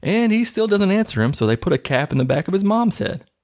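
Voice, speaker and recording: A man's voice: high-pitched, big pitch swings, quick pace, darkish tone. A man casually recapping a movie plot in a mocking, incredulous tone.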